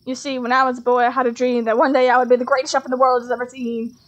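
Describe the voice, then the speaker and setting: Woman doing earnest older man chef, game love interest, solemn, flowery, high-pitched. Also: flat delivery, racing, highs cut off, close to an everyday voice.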